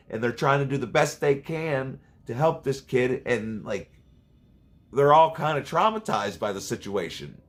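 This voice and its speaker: A man reviewing a horror film in a casual vlog, rambling and swearing as he retells the plot. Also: medium pitch. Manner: rambling, profane, animated. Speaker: movie reviewer. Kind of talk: casual profane vlog commentary. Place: seated at home.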